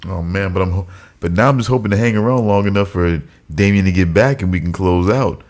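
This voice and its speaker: A man's voice: low voice, a little fast, darkish tone. A man co-hosting a casual podcast chat, laughing a lot and mock-scolding a friend with teasing banter. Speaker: podcast co-host.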